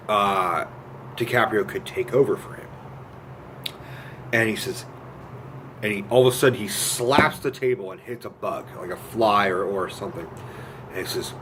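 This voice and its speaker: A man giving a casual, profane film rant. He retells scenes with lively quoted voices and gets animated as he goes. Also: lowish voice, slight background noise. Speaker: movie reviewer.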